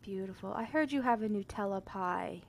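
A woman's voice: medium pitch, normal speed, gravelly, a little hiss or hum. A woman streamer chatting casually and rambling in an upbeat way during game role-play.

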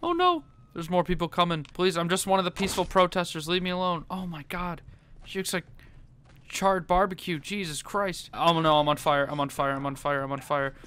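A man giving gameplay commentary, panicking and pleading in fast repeated bursts. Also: high voice, a bit bright, clean tone. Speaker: gaming YouTuber.

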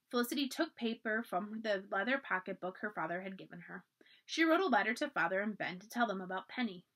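A woman reading a children's storybook aloud for a library, with expressive, animated narration. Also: mid-range voice.

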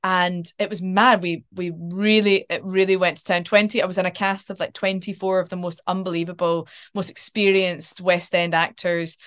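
An actress chatting as a podcast guest, animated and storytelling, with casual swearing. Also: female voice, on the low side, normal speed, few pauses. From Scotland. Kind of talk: casual interview chat.

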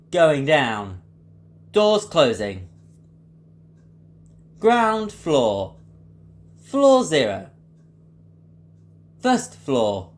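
A man doing an impression of a newer automated lift announcer, pitching his voice up for crisp, mechanical calls. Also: exaggerated voice.

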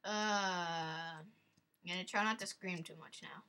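A young woman doing casual gameplay commentary, yelling at her failures and then muttering, her throat sore from screaming. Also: lowish voice, steady tone, unhurried. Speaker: gaming commentator.

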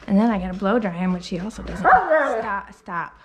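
A woman grooming a dog, talking casually and coaxing it softly as she works. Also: medium pitch, expressive, moderate pace, slight background noise. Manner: soothing and coaxing, talks to the dog. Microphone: phone.

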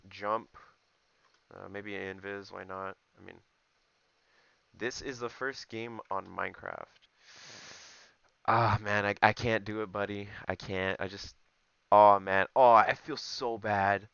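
A man's voice: on the low side, gravelly, bright, forceful tone, lo-fi sound. A young man giving joking, rambling commentary over his gameplay, talking straight to his viewers. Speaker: gaming YouTuber.

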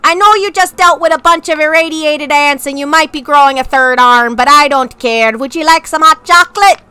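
A woman putting on an overly friendly small-town woman who fusses over the listener with a drawn-out, neighborly lilt. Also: high-pitched, sharp tone, dry recording. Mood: doting.

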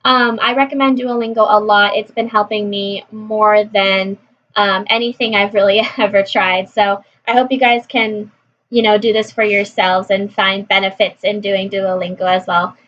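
A woman's voice: mid-range voice, flat delivery, normal speed, fairly bright tone. A woman vlogging her language practice in casual chat, repeating phrases aloud to her viewers. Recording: dull lo-fi recording.

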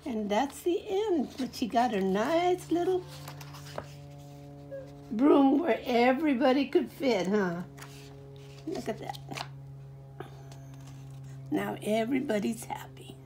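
A woman in her forties reading a picture book aloud to a child, gently stopping to point things out and ask questions. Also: high voice, lively intonation, slow pace, long pauses, faint music behind. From California, USA. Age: 40s.

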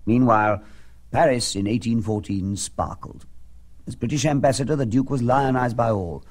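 A man narrating a scripted historical documentary in a measured, grave, theatrical way. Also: fairly low pitch, darkish tone.

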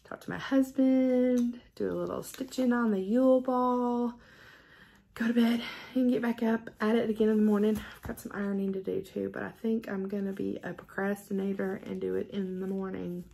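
A middle-aged woman vlogging at home in a casual unboxing chat, gushing and excitable. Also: mid-range voice, normal speed, creaky. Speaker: stitching vlogger. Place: at home with a cat.

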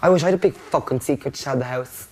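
A man's voice: mid-range voice, quick pace, creaky, a little mellow. Blunt sweary reassuring man. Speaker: reality show contestant. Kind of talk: casual heart-to-heart chat.

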